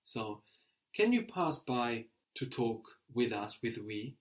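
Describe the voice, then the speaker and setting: A man teaching a guided language lesson, asking prompting questions and slowing down to model phrases. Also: medium pitch, very animated.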